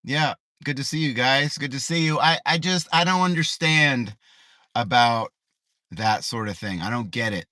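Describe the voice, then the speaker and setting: Ranting man with a bright voice. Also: medium pitch, animated, moderate pace, no echo. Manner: ranting, repetitive rhetorical questions. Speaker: livestreamer. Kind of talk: casual livestream rant. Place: parked car in a parking lot.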